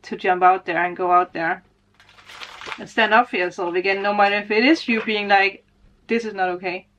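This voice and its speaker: A woman reading tarot cards in a casual vlog. Her pitch sits in the middle for a woman. She speaks straight to her viewers, gets emotional and laughs often. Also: fairly even intonation, moderate pace, fairly bright tone, slight background noise. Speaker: spiritual tarot reader.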